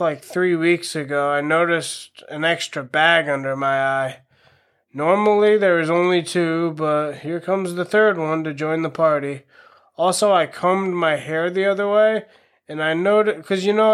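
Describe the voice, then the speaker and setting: A man's voice: fairly high pitch, fairly bright tone. A man of around thirty hosting a casual solo podcast, talking in a wry, self-mocking way with crude jokes. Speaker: podcast host.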